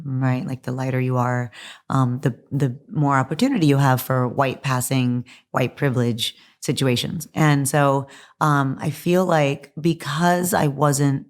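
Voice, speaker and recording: A hoarse middle-aged woman talking candidly as an interview guest, chatty and full of likes and ums. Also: a bass voice. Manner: chatty, frequent likes and ums, laughs often.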